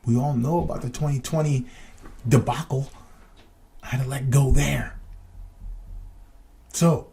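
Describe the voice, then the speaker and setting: A man's voice: mid-range voice, fairly even intonation, unhurried, creaky, pauses often, warm tone, slightly rough. A man hosting a podcast, telling a personal story in a casual, rambling way and putting reflective questions to his listeners. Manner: casual, rambling, with many restarts and fillers. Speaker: podcast host.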